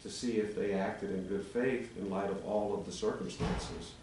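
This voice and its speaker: Man, 60s, attorney at a town meeting, argumentative, lowish voice, distant mic in an echoey room with faint hum. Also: normal speed. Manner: argumentative, building a legal case. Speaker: attorney addressing town commission. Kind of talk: formal presentation at a public meeting. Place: town commission meeting chamber.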